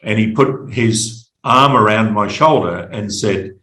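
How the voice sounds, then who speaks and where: A middle-aged Australian man telling his personal story as a podcast guest, halting and reflective, often repeating words. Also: lowish voice, bright, forceful tone, echoey room, rough recording.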